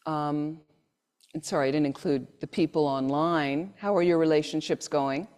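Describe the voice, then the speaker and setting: A woman leads a Buddhist talk for a live group. Her voice sits a little low and sounds warm and relaxed. She tells anecdotes, acts out the people in them, and turns to the room with questions. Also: normal speed, clear, resonant tone. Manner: asks the audience questions directly. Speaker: Buddhist teacher. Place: meditation centre hall.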